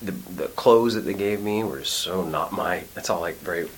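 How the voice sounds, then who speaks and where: A middle-aged man, an actor and acting teacher, chatting in an interview, animated and full of restarts as he acts out quotes. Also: low-pitched, normal speed, a little hiss or hum, poor audio. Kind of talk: casual interview conversation. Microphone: studio mic.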